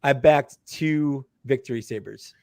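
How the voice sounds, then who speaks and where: A man talking fast and animated as a guest on a casual livestream, often repeating words. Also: medium pitch, gravelly, no echo, clean studio sound.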